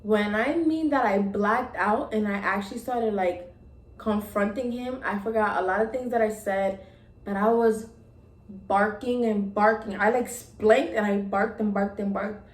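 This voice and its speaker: A woman's voice: mid-range voice, a little slow. Young woman vlogger, casual storytime, rambling with fillers, roomy recording. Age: young adult. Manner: rambling, many ums and likes, retelling dialogue. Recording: roomy echo.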